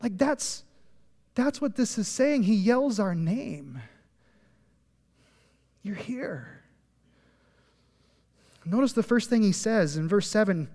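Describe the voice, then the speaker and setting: A man's voice: high voice, expressive, normal speed, few pauses, darkish tone, long reverb tail. A man preaching a sermon as a pastor, casual and emphatic, leading the audience to answer back. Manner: conversational, emphatic, frequent "like"; leads the audience in call-and-response. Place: church sanctuary.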